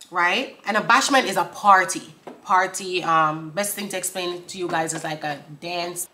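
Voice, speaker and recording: A young woman casually explaining song lyrics in an animated way. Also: lowish voice, normal speed, few pauses. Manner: animated, quoting lyrics in a rhythmic chant, laughing. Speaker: song breakdown host. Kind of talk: casual reaction commentary.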